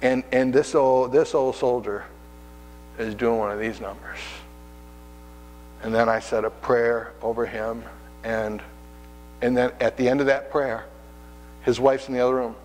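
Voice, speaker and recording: A man's voice: mid-range voice, fairly even intonation, unhurried, pauses often, darkish tone, big-room sound, soft background music, poor audio. A man preaching a sermon as pastor, telling personal stories in a conversational way and acting out the voices in them. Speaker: pastor and hospice chaplain. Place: church sanctuary.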